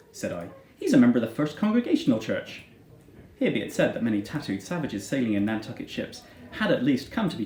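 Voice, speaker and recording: A man's voice: mid-range voice, darkish tone, roomy sound. A man teacher giving a dramatic reading of a classic novel, putting strong emphasis on the characters' lines.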